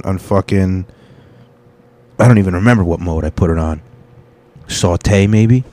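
A podcast host who is also a stand-up comic tells a rambling, profane story as a casual monologue, quoting and acting out the people in it. His voice is low-pitched and mellow.

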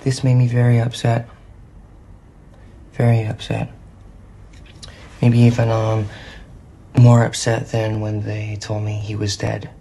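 A deadpan, gravelly young man. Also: on the low side, slow pace, long pauses, a little hiss or hum. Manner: flat, deadpan, repetitive. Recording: film clip.

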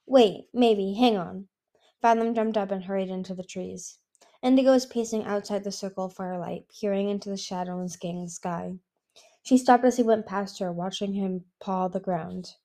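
A woman reading a fantasy novel aloud as an audiobook, with an even narration that sometimes stumbles and restarts. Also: medium pitch, fairly quick. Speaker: audiobook reader. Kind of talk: storybook narration.

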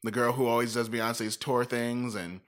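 A man in a casual chat, telling a lively, profane story and acting out what people said. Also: medium pitch, moderate pace. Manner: animated, profane storytelling with acted-out quotes.

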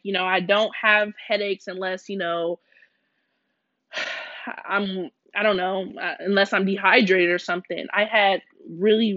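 A woman's voice: mid-range voice, fairly bright tone, no echo, muffled recording. A young adult woman hosting a faith podcast, talking candidly and emotionally in a casual, slangy way. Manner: emotional, confessional storytelling. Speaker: podcast host.

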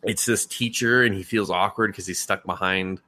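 A man's voice: low voice, fairly even intonation, moderate pace, bright, forceful tone, no room sound. A man casually retelling scenes as a podcast co-host, rambling with lots of fillers and laughs. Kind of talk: casual chat.

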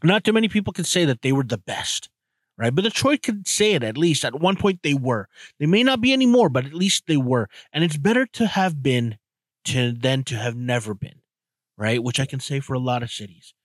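A man's voice: medium pitch, lively intonation, brisk, no echo. A man hosting a podcast alone, talking casually and rambling, often stumbling and repeating words as he goes. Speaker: podcast host. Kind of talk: casual solo monologue.

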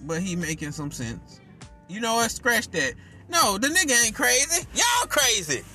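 A man hosting his podcast, delivering a heated, profane rant that keeps bursting into shouts. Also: extremely high pitch, sing-song, a little slow, soft background music. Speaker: podcast host.

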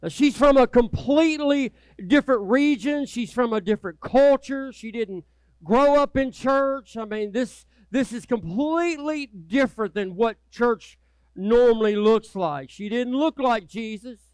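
A male pastor preaching a passionate sermon, moving from loud, urgent appeals to hushed, quiet prayer. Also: very high voice, a little slow, clear, resonant tone, no room sound.

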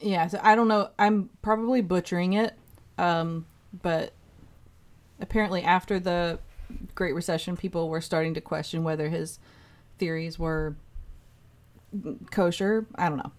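A woman's voice: lowish voice, fairly even intonation, moderate pace, pauses often. Hesitant woman chatting on a podcast. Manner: hesitant, hedging, many fillers. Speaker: podcast co-host. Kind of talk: casual chat recapping a TV episode.

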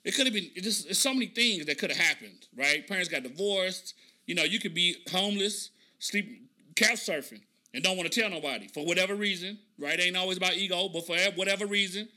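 A man with a high, very bright voice talks through his thoughts on a podcast. He reacts to an interview clip in a loose, slangy, reflective way, circling back to his points as he goes. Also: brisk. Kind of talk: casual reaction commentary.

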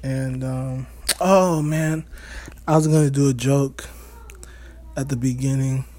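A man speaks in a laid-back, hesitant manner, pausing and trailing off between his thoughts. His voice is at an ordinary middle pitch. It is casual podcast chat with his wife. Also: fairly even intonation, darkish tone. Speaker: podcast co-host.

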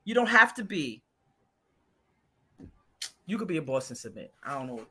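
A woman's voice: deep voice, sing-song, moderate pace, pushed and bright. A woman co-hosting a casual podcast, emphatic and slangy, pressing her points with rhetorical questions. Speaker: podcast co-host.

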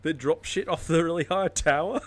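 A man's voice: on the high side, normal speed. Joking man on a podcast call. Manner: laughs often, loose and joking. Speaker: podcast co-host. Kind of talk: casual chat. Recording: remote call recording.

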